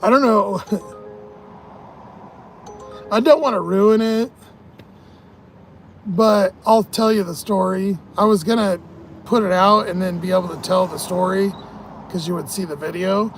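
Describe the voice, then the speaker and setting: A man's voice: high-pitched, steady tone, a little slow, pauses often, soft background music. A tired man vlogging in a casual, rambling way, swearing often and laughing at his own stories. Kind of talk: casual rambling vlog talk.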